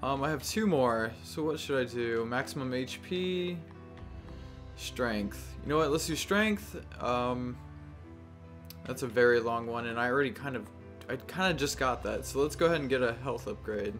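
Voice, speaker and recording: A man's voice: medium pitch, expressive, moderate pace, a bit bright. A man giving casual, chatty gameplay commentary with self-mocking asides. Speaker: let's-play host. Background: game music.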